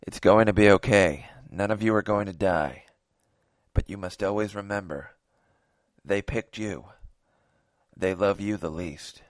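A man reading aloud voices a cold, menacing masked gunman who leads the group, speaking with slow, contemptuous command. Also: lowish voice, close to an everyday voice. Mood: cold, gentle.

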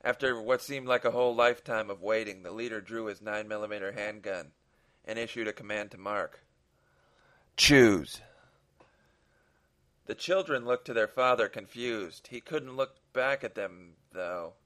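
A podcast host reads aloud a short story he wrote, earnest and dramatic, with a few small restarts. His voice is fairly low and fairly bright, at a normal speed.

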